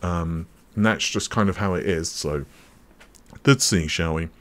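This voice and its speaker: A man's voice: low-pitched, unhurried, a bit bright. A man hosting a tech channel, talking casually and off the cuff, full of fillers, restarts and self-corrections. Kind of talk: casual unscripted commentary.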